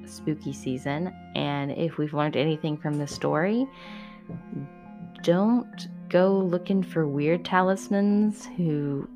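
A woman reading a horror story aloud in a steady, measured way, then chatting to her listeners. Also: low voice, soft background music.

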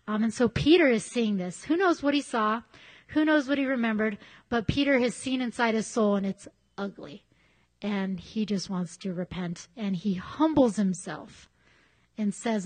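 A woman's voice: a little high, moderate pace. A woman preaching a sermon in a conversational, candid way, telling personal stories. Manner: conversational, candid, animated storytelling.

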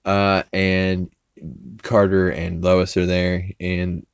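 A man's voice: low voice, completely flat delivery, drawn-out words, gravelly, smooth, dry recording. A man hosting a podcast, casually recapping an episode in a rambling, profane way with many fillers and restarts. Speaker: podcast host.

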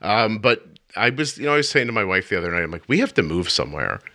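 A man's voice: fairly low pitch, sing-song, quick pace, pushed and bright, no room sound, studio quality. A middle-aged man hosting a podcast, telling rambling jokey stories in casual chat. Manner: joking, rambling storyteller. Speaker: podcast host.

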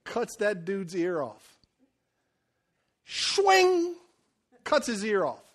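A preacher man with a strikingly high voice, telling the story in an animated way. He cracks jokes and acts out the quotes as he preaches. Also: a little slow. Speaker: pastor. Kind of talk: sermon.

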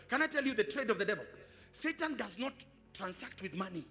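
A man preaching a sermon as pastor, asking the congregation questions and swelling into sung shouts. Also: sits high, very animated, a little fast. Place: church service.

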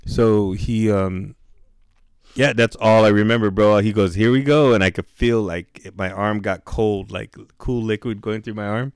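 A man's voice: lowish voice, steady tone, a little slow, clean tone, no echo. A man casually telling a story on a podcast, laid-back and slangy, swearing freely and laughing as he talks.

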